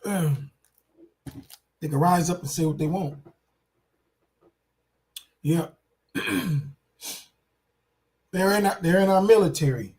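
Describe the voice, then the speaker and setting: A man's voice: on the high side, slow pace, pauses often, a little mellow. A man giving casual reaction commentary on a clip, indignant and repetitive, talking straight to his viewers.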